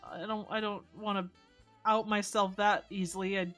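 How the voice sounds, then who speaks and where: A woman's voice: mid-range voice, level tone, normal speed, a bit bright, faint music behind. An American woman co-hosting a casual live stream, reading out chat and giggling playfully. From United States.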